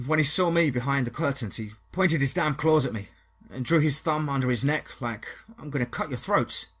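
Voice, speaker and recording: A husky, panicky young farmer, as a man puts him on, his voice climbing higher and louder than the narrator's. He sounds shaken and close to breaking in this horror audio story. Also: normal speed. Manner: panicky, pleading. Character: scared young man, farmer and new father.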